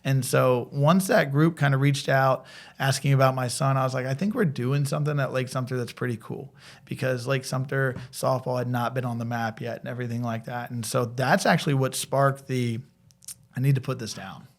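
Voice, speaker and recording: Animated American man telling stories. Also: medium pitch, normal speed. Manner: animated storyteller, acts out quoted dialogue. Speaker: college athletic director, former softball coach. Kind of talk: casual interview storytelling.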